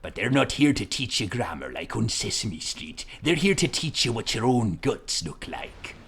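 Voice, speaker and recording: Man playing a gruff male pirate, husky rough voice, sea-dog slang, lively swings in pitch. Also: normal speed, heavily acted. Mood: swaggering.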